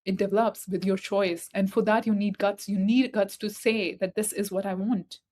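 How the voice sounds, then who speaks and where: Her medium-pitched, slightly mellow voice keeps fairly even intonation at a normal speed as she delivers a motivational spiritual talk. Speaking straight to the listener, she is emphatic and repeats key phrases.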